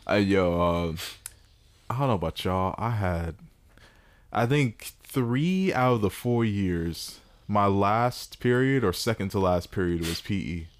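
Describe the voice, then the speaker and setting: A man's voice: lowish voice, expressive, unhurried. A young man co-hosting a podcast, talking in a laid-back, easygoing way full of slang. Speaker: podcast co-host. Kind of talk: casual chat.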